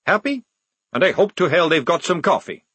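A man voicing an irritable male soldier, cold and snappish, with a husky voice that swings up and down. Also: fairly high pitch, big pitch swings, a little fast, fairly bright tone, no echo, voice pushed up, full character voice.

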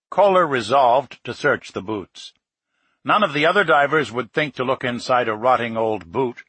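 A man reading a nonfiction story aloud in steady, measured scripted narration. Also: mid-range voice, slightly rough, no room sound. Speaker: audiobook narrator.

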